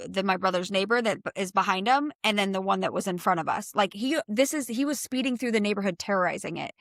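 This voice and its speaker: A young adult woman co-hosting a real estate podcast, telling a story in a lively, profane, chatty way. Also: on the high side, no echo, studio quality.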